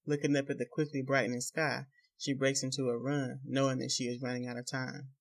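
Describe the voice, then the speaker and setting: A man narrating a novel in a measured, even storytelling voice. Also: medium pitch, gravelly. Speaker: audiobook narrator. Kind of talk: scripted narration.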